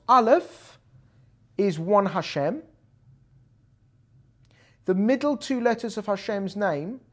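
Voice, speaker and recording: A man's voice: sits high, darkish tone. Man explaining a Torah lesson. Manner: explanatory, checks in with class. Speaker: Torah teacher. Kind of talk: classroom lecture.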